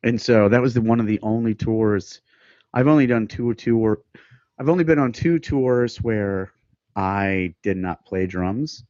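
A man, a musician chatting casually on a podcast and telling rambling stories with quick laughs. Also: lowish voice, darkish tone, no room sound. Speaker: guest musician. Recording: dry, dull lo-fi sound, mic too close to mouth.

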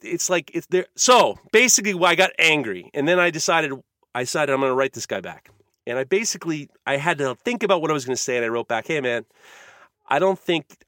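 Ranting, profane man with lively pitch. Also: no echo, clean studio sound. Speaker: podcast host. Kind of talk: casual podcast chat.

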